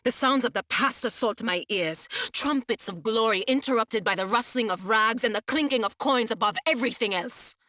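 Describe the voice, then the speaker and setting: A jittery voice-haunted psyker. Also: female voice, on the high side, normal speed, hardly any pauses, sharp tone, dry recording. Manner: wry, nervous, laughing to herself. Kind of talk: video game voice acting.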